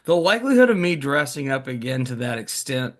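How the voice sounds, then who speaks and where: A man in his thirties co-hosting a podcast, telling animated, joking stories in a casual chat. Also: medium pitch, a little fast. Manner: animated storyteller, lively jokes. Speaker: podcast co-host.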